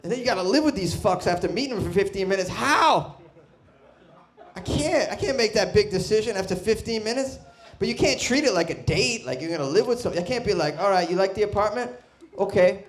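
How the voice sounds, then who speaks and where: A man doing a stand-up comedy set, brash and profane, bursting into loud shouts. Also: high voice, expressive, a little fast. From Boston. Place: comedy club stage.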